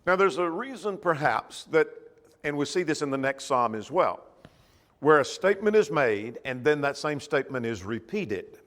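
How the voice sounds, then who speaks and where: A man's voice: a little high, big pitch swings, normal speed, fairly bright tone, long reverb tail. A man teaching a church Bible class in a conversational way, asking the class questions as he goes.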